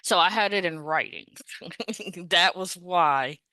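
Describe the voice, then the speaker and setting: Woman, podcast host, lowish voice, dry close sound; casual animated storyteller who acts out dialogue. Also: slow pace, no echo. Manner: animated, acts out both sides of conversations; conversational, frequent "like" and "you know".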